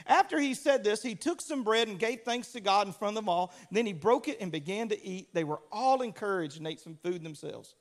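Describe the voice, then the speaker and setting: A man from Louisiana with a Southern US accent, preaching a sermon as a pastor through animated, humorous storytelling with acted-out voices. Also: high voice, brisk, hardly any pauses.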